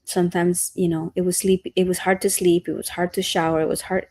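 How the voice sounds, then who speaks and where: A woman's voice: lowish voice, flat delivery, brisk, mellow, dry recording. A woman in her thirties co-hosting a podcast, telling earnest parenting stories in casual chat. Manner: earnest, storytelling, acts out quotes. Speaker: podcast co-host.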